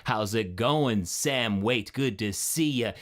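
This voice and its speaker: A man hosting a live stream, energetic and friendly, greeting chat viewers one by one by name. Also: lowish voice, takes it slowly.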